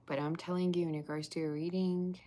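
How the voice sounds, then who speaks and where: A woman with a low voice hosts a live tarot reading. She chats with her viewers and now and then slips into a soft whisper. Faint background noise sits under her voice. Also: level tone, brisk. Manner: chatty, talks to viewers in a live chat. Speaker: tarot reader.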